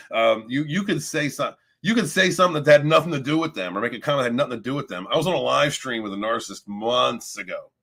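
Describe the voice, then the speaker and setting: A man's voice: mid-range voice, fairly bright tone. Rambling, profane man on a livestream. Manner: rambling, profane, many restarts. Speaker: livestream host, abuse recovery talker. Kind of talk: casual motivational livestream.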